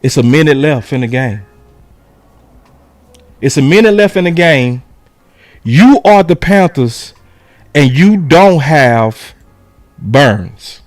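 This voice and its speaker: A man hosting a casual sports show, breaking down game film and shouting key words. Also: on the high side, slow, pauses often, dry recording, faint music behind. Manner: animated, shouts key words, talks to his audience.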